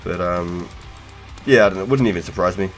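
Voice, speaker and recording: Low-voiced New Zealand man streaming. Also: a little fast, faint music behind. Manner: laid-back, swears freely, slangy. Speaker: game streamer. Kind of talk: casual live-stream chat.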